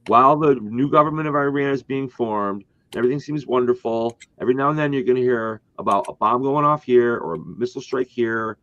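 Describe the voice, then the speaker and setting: A man's voice: medium pitch, a little fast, hardly any pauses, a bit bright, no room sound. A man co-hosting a casual political talk stream, speaking emphatically and rambling with frequent restarts. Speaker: co-host. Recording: dull, dry lo-fi stream audio.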